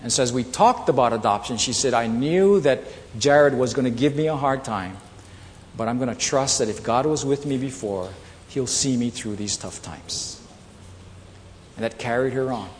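A man preaching a sermon, telling personal stories with animated delivery and acting out the voices of people in them. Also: medium pitch, normal speed, slight background noise. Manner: animated storytelling, acts out quoted voices. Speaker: pastor. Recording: long reverb in a large hall, faint ambience.

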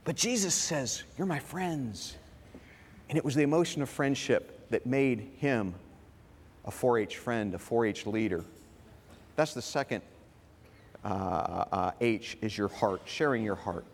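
A man's voice: mid-range voice, expressive, unhurried. A middle-aged man preaching a sermon as pastor, telling folksy stories with humor. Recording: long reverb of a large hall.

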